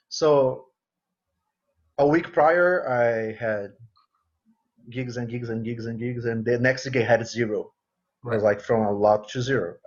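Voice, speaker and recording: Male guest, English, expressive, earnest, slightly muffled call sound. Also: medium pitch. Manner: earnest, expressive, non-native phrasing. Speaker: guitarist guest. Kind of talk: casual interview chat.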